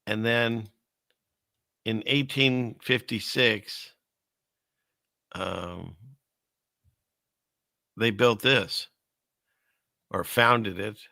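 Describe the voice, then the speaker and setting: A man's voice: on the low side, fairly even intonation, drawn-out words, creaky, long pauses, bright, forceful tone, no echo, clean studio sound. A man hosting a show, rambling skeptically through casual commentary while he browses, with many restarts. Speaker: show host.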